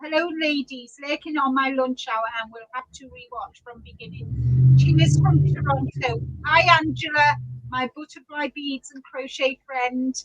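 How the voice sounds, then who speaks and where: A woman's voice: high-pitched, moderate pace, muffled recording, slight background noise. A woman hosting a casual live-stream chat, greeting viewers by name and laughing often. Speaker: podcast host reading live chat.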